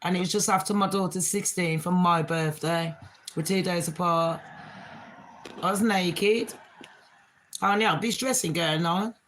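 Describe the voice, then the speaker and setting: A woman's voice: on the low side, moderate pace, pauses often, fairly bright tone, a little hiss or hum. A middle-aged woman, hosting a casual live chat with her viewers in a rambling, frank, slangy way. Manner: slangy street talk. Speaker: livestream host.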